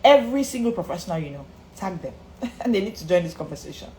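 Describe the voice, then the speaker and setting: A woman's voice: fairly low pitch, expressive, fast, warm tone, slight background noise. A woman confidence coach giving an emphatic live-streamed motivational talk, repeating her key lines and greeting viewers by name. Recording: echoey room with faint ambience.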